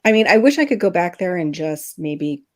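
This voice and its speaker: A middle-aged woman from Florida hosting a casual chat, telling animated stories and laughing often. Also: on the low side, normal speed. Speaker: livestream host.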